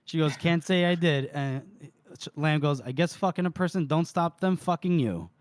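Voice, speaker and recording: A man co-hosting a book podcast, retelling scenes and quoting lines with frequent laughter. His voice sits a little high and sounds dry and close to the mic. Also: normal speed, no echo. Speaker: podcast co-host recapping chapters. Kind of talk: casual book recap chat.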